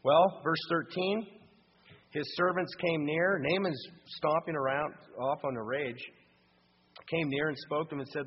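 A man preaching a sermon and reading scripture, dramatic, swinging between loud emphasis and hushed lines. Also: a little high, fairly even intonation, unhurried, slightly rough. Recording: dull sound with long hall reverb and faint hum.

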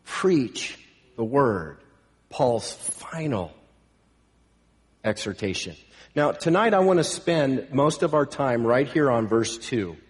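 A man delivers a sermon in an emphatic preaching style. His voice sits at a middling pitch and swells into loud, drawn-out proclamations. A long reverb from the church hall trails behind him. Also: lively intonation. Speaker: pastor.

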